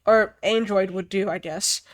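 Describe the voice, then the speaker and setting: Speaking in a mid-range voice, a young woman rants casually and animatedly about a film she's reviewing, cursing freely and padding her pauses with "um" and "like."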